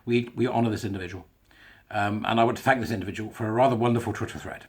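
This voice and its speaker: A man's voice: lowish voice, steady tone, rapid-fire, darkish tone. A man giving casual, mocking solo commentary, chuckling through chatty asides. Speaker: online commentator.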